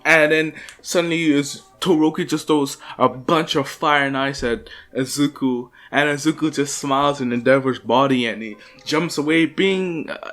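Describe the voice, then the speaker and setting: A man's voice: fairly high pitch, normal speed, a bit bright. A young man casually narrating a fan story, rambling with lots of fillers and restarts. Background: faint lofi music.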